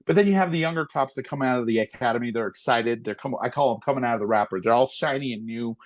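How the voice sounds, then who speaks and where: A man in his forties, a police officer and stand-up comic, chatting in an interview and telling jokes with lively impressions. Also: mid-range voice, fast talker. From United States. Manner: animated storyteller, slips into impressions of people. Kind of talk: casual interview chat.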